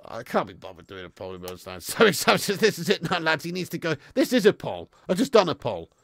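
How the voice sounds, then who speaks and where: A man's voice: a little high, huge pitch swings, quick pace, gravelly, a bit bright, no echo, studio quality. A young man hosting a live football watch-along, reading out viewer comments and sounding frustrated, blunt and given to casual swearing. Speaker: football fan channel host.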